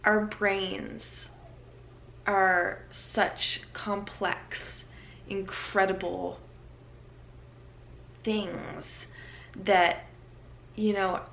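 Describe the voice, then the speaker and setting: Young female vlogger, chatty and easygoing, a touch of fry, middle pitch. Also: flat delivery, extremely slow, long pauses, a bit bright, slight background noise. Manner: chatty, self-aware, with many fillers. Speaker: lifestyle vlogger. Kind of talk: casual vlog chat. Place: her apartment.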